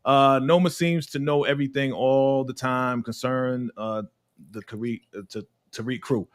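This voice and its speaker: A man hosting a casual TV episode review, animated and laughing often, his voice swinging between high and low. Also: moderate pace, clear, resonant tone. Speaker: host of a TV recap show.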